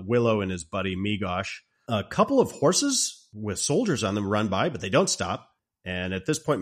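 A man casually recapping a fantasy film scene, retelling it in an animated way and acting out the lines. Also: on the low side. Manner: animated storytelling, acting out quotes. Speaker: podcast co-host.

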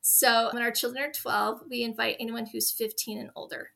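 An earnest woman in her forties talks warmly and sincerely as a podcast guest. Her voice sits a little high and rings bright. She speaks in a heartfelt, conversational way. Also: little pitch movement, moderate pace, creaky. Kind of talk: conversational interview.

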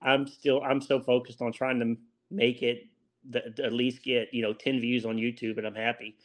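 A man's voice: mid-range voice, level tone, normal speed. Laid-back Louisiana man, chuckling guest. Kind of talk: casual interview chat.

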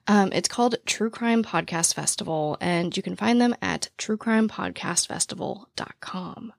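A young woman hosting a podcast in casual chat, with a naturally raspy voice, talking very fast and out of breath. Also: medium pitch, dry recording, studio quality. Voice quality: naturally raspy voice with vocal fry. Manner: talks very fast, breathless and rambling. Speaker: true crime podcast host. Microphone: podcast mic, standing while recording.

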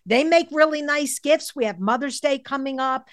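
A woman's voice: sits high, moderate pace, dry recording, clean studio sound. A woman hosting a podcast interview, speaking in an encouraging, reflective way. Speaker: podcast host. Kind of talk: interview conversation.

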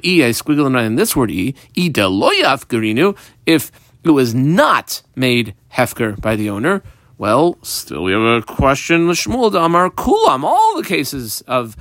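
A man teaching a Talmud lesson, reading Aramaic phrases and explaining them in English with frequent fillers. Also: no echo. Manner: animated, lively pitch swings.

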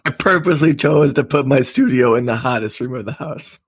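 A man's voice: mid-range voice, a little fast, husky, no room sound, clean studio sound. Laid-back, storytelling podcast man. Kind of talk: casual podcast chat.

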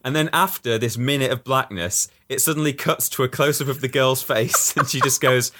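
A man's voice: mid-range voice, fairly quick, bright, forceful tone. A man chatting casually as a podcast co-host, sheepishly telling a story about his own mistake at work. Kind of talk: casual chat.

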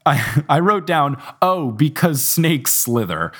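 A young man hosting a casual podcast chat, retelling a story with quick put-on character voices and frequent laughter. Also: medium pitch, sing-song. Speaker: podcast host. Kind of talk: casual chat recapping a book.

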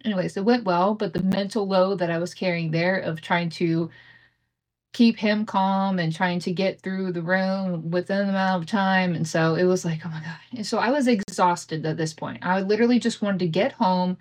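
On her home-recorded podcast, the imperfect audio carries a woman in her thirties speaking at normal speed in a steady, lowish voice. She recounts a family story openly and casually, laughing often and swearing freely.

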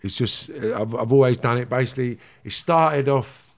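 A man's voice: medium pitch, moderate pace, vocal fry. A man, a guest in an interview, telling his story intensely, repeating himself, blunt and swearing. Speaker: guest, former criminal.

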